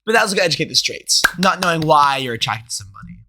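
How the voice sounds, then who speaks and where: A man's voice: a little high, sing-song, rapid-fire, sharp tone. A young man co-hosting a comedy podcast, laughing often as he chats. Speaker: podcast co-host. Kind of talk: casual comedic chat.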